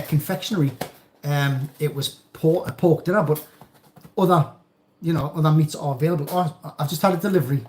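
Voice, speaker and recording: A middle-aged man with a Geordie accent, hosting a live stream in a relaxed, rambling, jokey way as he reads out viewers' comments at home. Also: a little high, a little hiss or hum. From North East England. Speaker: channel host. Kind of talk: casual live-stream chat reading comments. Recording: roomy echo.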